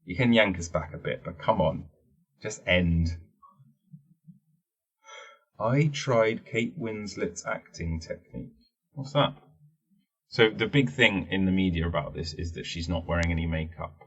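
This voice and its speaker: A man's voice: low voice, a little slow, long pauses, a bit bright, husky, highs cut off. A man hosting a casual solo podcast, rambling and jokey and swearing freely. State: wearing teeth-straightening trays. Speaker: podcast host.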